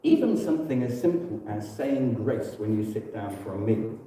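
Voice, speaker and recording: English man, relaxed church talk, echoey hall. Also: fairly low pitch, moderate pace, a little hiss or hum. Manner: relaxed and conversational, with frequent fillers and self-corrections. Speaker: church speaker. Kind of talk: informal church teaching talk. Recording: echoey hall, distant mic.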